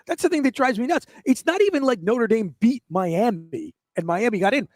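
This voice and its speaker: A man with a high, dry studio voice rants on a sports talk radio show. He talks in an animated, sarcastic way, mocking what others say and pressing his point hard. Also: normal speed, dry recording.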